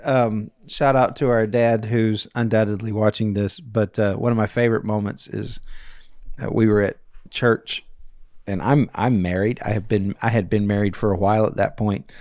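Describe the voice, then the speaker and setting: A man's voice: fairly low pitch, fairly even intonation, moderate pace, darkish tone, no room sound, studio quality. A man in his forties, a podcast co-host, telling family stories in a rambling, chuckling way with many restarts. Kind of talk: casual chat.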